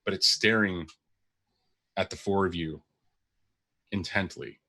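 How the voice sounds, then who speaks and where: A man's voice: deep voice, slow pace, sharp tone. A man narrating as game master of a tabletop game, describing scenes at length with many fillers.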